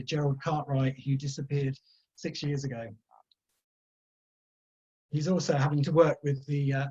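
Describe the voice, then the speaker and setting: Husky man reading his fiction. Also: fairly high pitch, a little mellow. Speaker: author. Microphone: video call. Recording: dull lo-fi video call audio.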